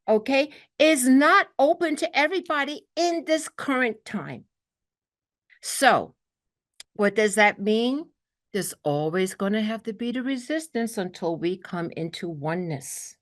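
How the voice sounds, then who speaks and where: A woman from New York with a Brooklyn accent, giving an earnest spiritual talk to a group and often checking in with "okay". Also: mid-range voice. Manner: earnest, peppers talk with "okay", acts out quotes. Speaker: spiritual teacher.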